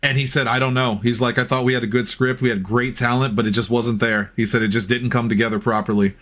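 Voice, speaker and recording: A man's voice: mid-range voice, flat delivery, fast talker, a bit bright. A man co-hosting a podcast, rambling in a casual film review chat, laughing easily and swearing. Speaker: podcast co-host.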